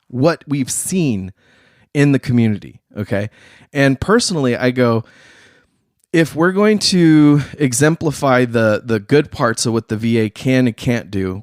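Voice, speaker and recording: A man hosting a casual talk show, talking in slang and acting out other people in quick voices. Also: mid-range voice, no echo, studio quality. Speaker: podcast host. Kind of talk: casual chat.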